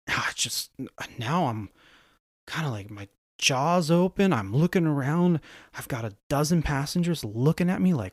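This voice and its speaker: Gravelly man telling pilot stories. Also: medium pitch, expressive, normal speed, dry recording, studio quality. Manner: conversational, acts out other people in his stories. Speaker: podcast host and airline pilot. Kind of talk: casual anecdotal storytelling.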